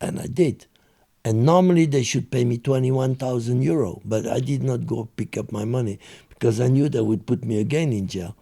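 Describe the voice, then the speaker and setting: A man's voice: mid-range voice, moderate pace, creaky, warm tone, husky. An older man, telling a story as an interview guest, acting out other people's voices and laughing often. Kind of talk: animated storytelling.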